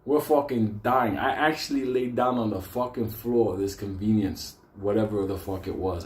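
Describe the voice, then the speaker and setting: A man's voice: lowish voice, darkish tone, echoey room. A man telling a story casually, swearing constantly and laughing between lines. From New York.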